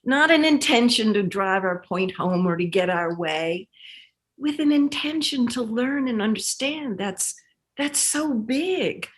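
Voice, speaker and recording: A woman guest in an interview, a relationship teacher speaking in a measured, reflective, earnest way. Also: a little high, animated. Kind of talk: interview conversation.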